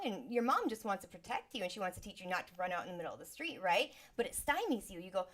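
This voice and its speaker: A woman's voice: medium pitch, very animated, fast talker, few pauses, fairly bright tone. A woman sound healer teaches in an easy, chatty way, her voice in the middle of the usual range. She breaks into little acted-out exclamations and sighs to show how the mind reacts. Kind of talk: casual teaching talk.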